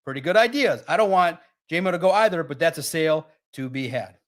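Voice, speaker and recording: With a voice on the high side, expressive and brisk, this man runs a live sports stream, speaking directly to his chat in a casual, energetic way.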